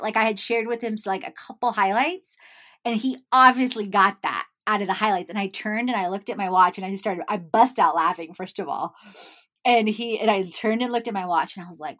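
A woman's voice: mid-range voice, a little fast. A young adult woman talking casually to her viewers. She tells a personal story, says "like" often and laughs as she goes. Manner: animated, chatty, says "like" often, laughs while telling.

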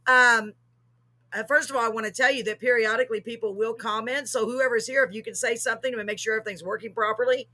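A woman's voice: fairly high pitch, steady tone, quick pace, bright, forceful tone. A middle-aged woman from Texas, hosting a live chat show, bubbly and jokey with frequent laughs. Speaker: show host.

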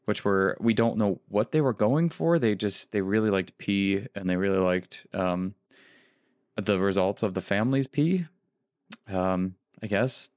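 A man with a low, deep voice hosts a casual movie review chat. He stops and restarts often, filling the gaps with ums and uhs. His voice sounds dry and close to the mic. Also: darkish tone, no room sound. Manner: halting, many restarts and fillers. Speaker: podcast co-host.

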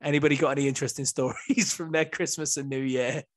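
A man's voice: mid-range voice, fairly even intonation, quick pace. A man hosting a rugby podcast in casual banter, joking and swearing freely. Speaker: podcast host.

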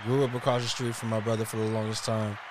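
A man's voice: lowish voice, flat delivery, fast talker, background noise. A man co-hosting a casual podcast, telling a story in a laid-back way with a lot of slang and swearing. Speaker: podcast co-host. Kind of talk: casual chat.

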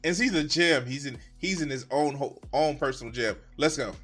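A man streaming live, reacting to videos with loose, profane, excitable commentary that keeps tipping into giggles. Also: a little high, moderate pace, husky, soft background music. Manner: excitable, swearing, breaks into giggles.

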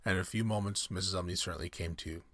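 A man reading a classic story aloud in measured, scripted narration. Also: sits low, fairly even intonation, fairly bright tone, dry recording.

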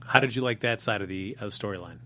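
A man co-hosting a soap opera chat show, talking in a measured, analytical way. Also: lowish voice, bright, forceful tone, slight background noise. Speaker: co-host. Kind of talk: casual chat.

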